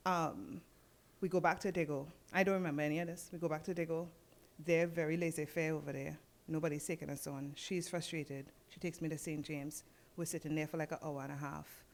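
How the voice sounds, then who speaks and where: A woman with a Trinidadian accent, speaking in a slightly low voice. As a podcast guest, she recounts her own experience in casual conversation. She brings her story to life by acting out what each person said. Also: brisk. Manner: lively storyteller acting out dialogue.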